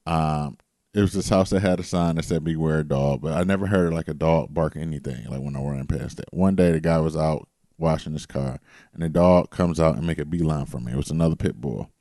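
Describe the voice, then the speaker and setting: Deep mellow-voiced guy on a podcast, swears a lot telling stories, dry sound. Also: fairly quick, dry recording. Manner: animated storyteller, swears freely. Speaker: podcast co-host. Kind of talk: casual storytelling chat.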